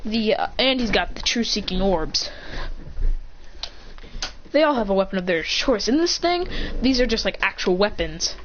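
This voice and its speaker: A woman's voice: medium pitch, animated, normal speed, pauses often, fairly bright tone, a little hiss or hum. A woman casually telling an improvised story, rambling and correcting herself as she goes. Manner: rambling, with many fillers and self-corrections. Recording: dull lo-fi recording.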